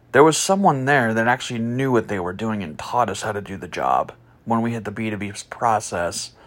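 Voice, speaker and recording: A man telling a story about a past job as a podcast host, blunt and profane, starting slow and soft, then growing loud and heated. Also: fairly low pitch. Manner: slow and soft at first, growing louder and animated. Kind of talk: casual storytelling monologue.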